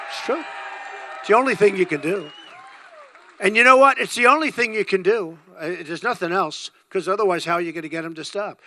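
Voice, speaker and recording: Bright, high-pitched older man giving a speech. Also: brisk, no room sound. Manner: emphatic, repetitive, rambling. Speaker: political candidate. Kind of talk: campaign rally speech.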